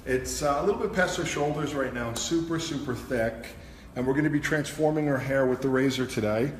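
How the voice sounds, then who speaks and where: A man's voice: mid-range voice, a little fast, slight background noise. A man, a hairstylist and host, chatting as he teaches a live haircut demonstration and explains each step. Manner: chatty, explains steps as he cuts. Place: hair salon studio. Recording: echoey salon with long reverb, faint ambience.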